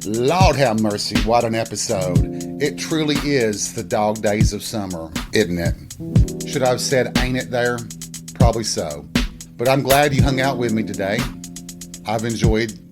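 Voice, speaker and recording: A man's voice: fairly low pitch, measured pace, over loud music. Sassy, blunt man talking. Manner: sassy, blunt, profane storytelling. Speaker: podcast host. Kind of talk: casual solo monologue.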